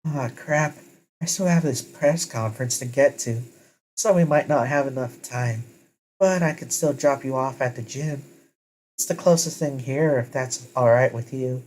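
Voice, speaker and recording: A man's voice: mid-range voice, measured pace, darkish tone, a little hiss or hum, pitched above the performer's own voice, close to an everyday voice, rough recording. A man voicing a friendly, flirty woman hero in an amateur story reading. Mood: hurried.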